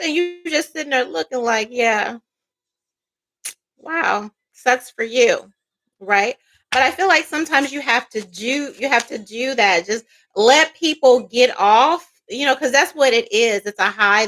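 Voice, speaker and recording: A woman tarot reader giving a blunt, profane, animated spiritual monologue in a casual way. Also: fairly high pitch.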